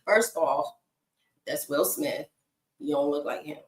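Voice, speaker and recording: A woman's voice: low-pitched, slow pace. A woman who works as a single mom coach, telling stories in a casual chatty vlog and laughing often. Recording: echoey room.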